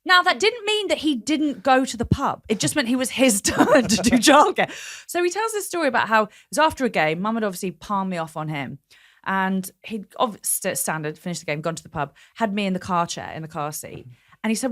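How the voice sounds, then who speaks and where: Young woman, comedian guest, slightly high voice, lively storyteller who acts out quotes. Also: a little fast. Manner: animated storyteller acting out quotes with laughter. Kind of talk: casual comedic chat.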